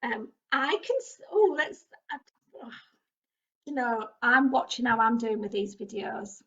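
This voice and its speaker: High, slow-talking British woman presenter. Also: expressive, a bit bright. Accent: British English. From England. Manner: chatty, exclamatory, talks straight to small children. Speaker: children's activity presenter. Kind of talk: children's craft demonstration. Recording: dull lo-fi recording.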